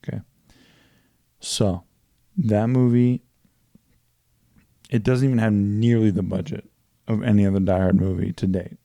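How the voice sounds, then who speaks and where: A man telling movie stories in a casual podcast chat, profane and animated as he recaps plots. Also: fairly low pitch, unhurried, vocal fry, long pauses, dry recording, studio quality. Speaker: podcast co-host.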